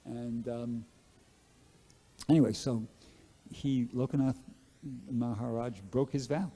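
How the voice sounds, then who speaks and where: A man's voice: medium pitch, fairly even intonation, takes it slowly, warm tone, slightly rough. A man giving a scripture class, telling devotional stories in a casual, rambling way with many fillers and restarts. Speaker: class speaker at a temple. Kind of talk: Bhagavatam class storytelling.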